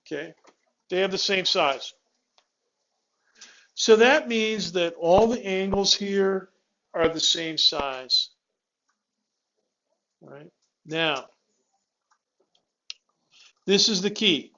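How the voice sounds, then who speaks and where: A man with a high voice teaches a physics class in a classroom. He walks students through each step, stops himself mid-word to restart, and keeps checking in with questions. The recording is dull and lo-fi. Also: very slow, pauses often, bright, forceful tone, slight background noise. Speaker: physics instructor. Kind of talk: classroom lecture.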